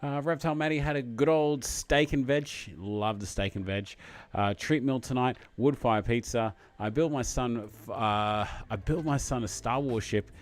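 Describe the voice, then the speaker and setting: A man with an Australian accent chatting casually on a live stream, excitable and full of fillers. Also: mid-range voice, normal speed.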